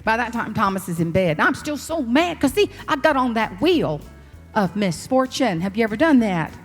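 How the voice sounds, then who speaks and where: A middle-aged woman with a Southern US drawl spins a sassy stage story. Her fairly high voice leaps up and down as she acts out every quote. The sound carries the long reverb of a big hall. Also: sing-song, normal speed, breathy edge, soft background music. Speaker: professional speaker. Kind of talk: storytelling keynote speech. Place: large hall before an audience.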